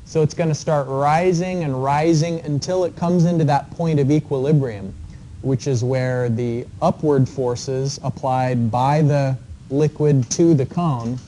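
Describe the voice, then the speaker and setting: A man's voice: medium pitch, fairly even intonation, mellow, a little hiss or hum. Man giving a recorded engineering lecture. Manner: explanatory, measured, with frequent fillers. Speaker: engineering professor.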